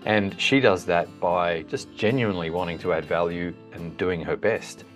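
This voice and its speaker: A man's voice: sits low, normal speed, soft background music. A man hosting a podcast interview, asking questions and wrapping up in a friendly, reflective manner. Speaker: podcast host. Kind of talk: interview hosting, closing narration.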